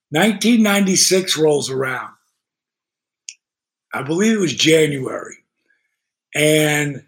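Gravelly high-voiced man telling stories. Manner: animated, acts out quoted voices. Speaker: guest, retired pro wrestler. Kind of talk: profane storytelling podcast chat.

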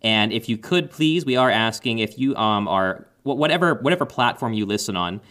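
A man in his thirties co-hosts a gaming podcast, chatting casually in a friendly, rambling way full of fillers and restarts. His voice is fairly low and a bit bright, animated, at a normal speed.

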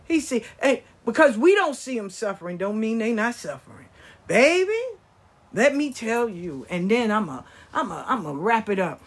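Husky woman storyteller, profane and animated, loud one moment and murmuring the next. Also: normal speed. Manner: profane, animated, swings between loud bursts and low murmurs. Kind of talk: storytelling talk.

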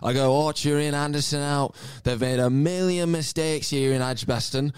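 A man doing an impression of an excitable older male English cricket commentator, calling his predictions in loud, clipped bursts. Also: a little high, moderate pace, smooth, no echo, clean studio sound, voice pushed up, lightly acted. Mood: excited.

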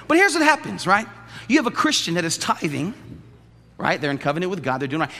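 A male pastor preaching a lively, joking sermon in a church, often acting out the people he describes. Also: sits high, fast. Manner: animated, jokey, acts out quoted voices. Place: church sanctuary. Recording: long church hall reverb.

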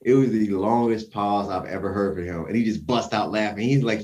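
A man's voice: on the low side, fairly quick, hardly any pauses, darkish tone, slight background noise. A young man telling a story in casual conversation, acting out the quoted voices and chuckling often.

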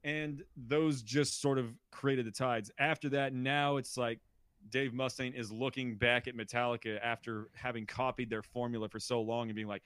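A man co-hosting a podcast, talking casually and animatedly, breaking into loud mocking impressions. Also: medium pitch, moderate pace, clear, resonant tone, no room sound, studio quality. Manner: animated, mimics people in shouted bursts. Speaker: podcast co-host.

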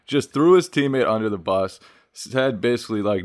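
A man on a podcast talking basketball in a relaxed, thoughtful way, with lots of "like"s. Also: mid-range voice, normal speed. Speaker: podcast co-host. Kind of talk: casual sports chat.

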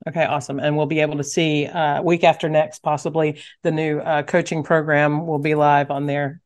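A man's voice: fairly high pitch, little pitch movement, fairly quick. A man hosting a podcast, effusive and enthusiastic with his guest, then reading the show's outro. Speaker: podcast host. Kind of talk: casual interview chat and show outro.

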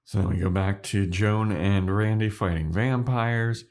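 A man's voice: lowish voice, unhurried, a little mellow. A man co-hosting a podcast, recapping a show episode in a loose, chatty way. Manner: loose, chatty, laughing storyteller. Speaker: podcast co-host.

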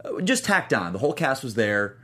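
Fast-talking man chatting excitedly. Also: mid-range voice. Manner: rambling, self-deprecating, excitable. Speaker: co-host of a movie news show. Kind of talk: casual panel chat.

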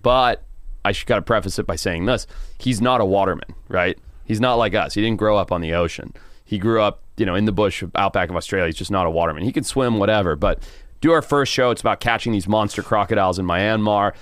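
A man guest on a podcast telling a wild story in a casual, animated way, swearing and laughing now and then. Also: fairly low pitch, fast talker, no echo, clean studio sound. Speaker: podcast guest, wildlife TV presenter.

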